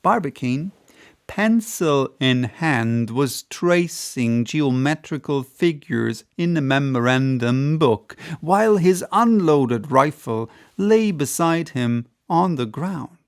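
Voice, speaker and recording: Slow, measured male narrator. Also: on the high side, lively intonation. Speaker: audiobook reader. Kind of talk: classic novel narration.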